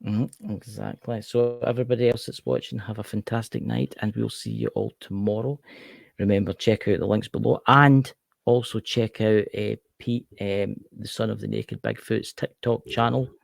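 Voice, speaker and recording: A man's voice: lowish voice, fairly even intonation, normal speed, gravelly, dry recording, studio quality. A man co-hosting a podcast, chatting casually and rambling, often repeating himself. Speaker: podcast co-host. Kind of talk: casual chat.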